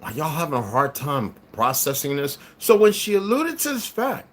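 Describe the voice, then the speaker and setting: A man speaking live to his viewers in a combative monologue, dropping to low mutters and rising to loud, emphatic outbursts, with occasional laughs and repeated words. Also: huge pitch swings, normal speed, a little hiss or hum. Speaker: livestream commentator.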